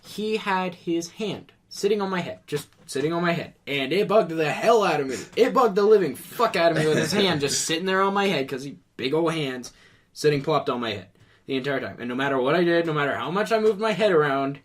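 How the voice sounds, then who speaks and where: A man's voice: fairly high pitch, expressive, a little fast. Rambling, cursing man telling a story. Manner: rambling, swears freely. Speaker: podcast guest. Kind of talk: casual storytelling.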